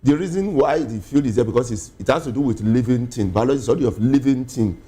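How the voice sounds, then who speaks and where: A man, an educationist guest on a TV interview, explaining slowly with many pauses and fillers. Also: medium pitch, mellow, breathy edge. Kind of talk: TV studio interview.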